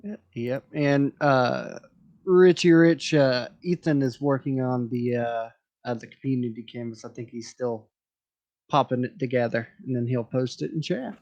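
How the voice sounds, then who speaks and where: A joking, rambling man hosts a casual group voice chat and stumbles through fillers and restarts. His voice sits at a middling pitch. The stream audio sounds dull and lo-fi. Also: unhurried, a little mellow. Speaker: stream host leading a drawing session.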